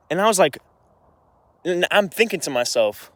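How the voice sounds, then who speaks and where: A man's voice: medium pitch, lively intonation, fairly quick, fairly bright tone. A young man telling a heated story to camera in an agitated, rambling way, with frequent restarts and swearing. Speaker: vlogger.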